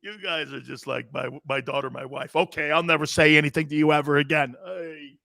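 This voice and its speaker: A middle-aged man hosts a sports talk show, shouting and teasing his viewers as he reads their comments. His voice sits high and swings widely, with a gravelly, bright edge. The sound is dry and close. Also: fairly even intonation, fairly quick, hardly any pauses, no echo. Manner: loud, hollering, laughing, teasing viewers. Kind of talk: live sports talk reading chat comments.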